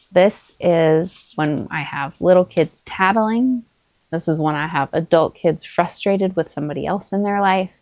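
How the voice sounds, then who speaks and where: A middle-aged woman, a mother, talking to camera in a calm, earnest and encouraging way as she shares parenting advice. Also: lowish voice, no room sound. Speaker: parenting vlogger, mother of many. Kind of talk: casual spoken advice to camera.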